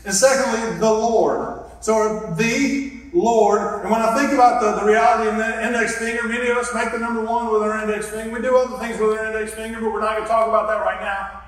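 A man's voice: sits high, little pitch movement, fast talker, fairly bright tone. A man preaching a sermon as pastor, earnest and reflective, guiding his listeners through a simple hand gesture exercise. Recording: echoey hall from far off.

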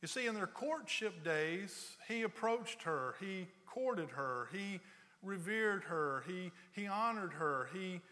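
A man preaching a sermon, telling stories with rising energy and then dropping low and slow for serious points. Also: animated, in a large hall. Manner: storytelling, builds loud and high for anecdotes, drops low and slow for serious points. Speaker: pastor.

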